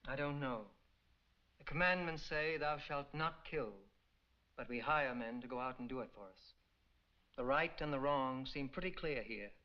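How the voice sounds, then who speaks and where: An actor playing a small-town parson who speaks haltingly and apologetically, in a dull old film soundtrack. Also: male voice, medium pitch, natural voice. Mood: troubled.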